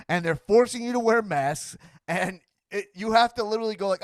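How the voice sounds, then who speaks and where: A man's voice: sits high, expressive, brisk, no room sound, clean studio sound. Rambling, stammering talk-show man. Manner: rambling, frequent restarts and stammered repeats; acts out other people's voices mid-sentence. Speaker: podcast host. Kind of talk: casual chat.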